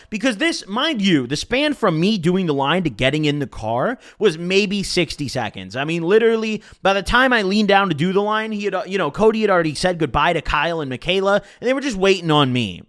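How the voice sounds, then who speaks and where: High, lively young-sounding man telling a story. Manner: animated, profane, conversational storytelling. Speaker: storytelling streamer. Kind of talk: casual storytime monologue.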